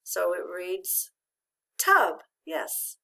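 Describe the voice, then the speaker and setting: A woman's voice: lowish voice, sing-song, drawn-out words, vocal fry, bright, forceful tone. A middle-aged woman teaching a patient, encouraging phonics lesson to a child. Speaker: reading teacher.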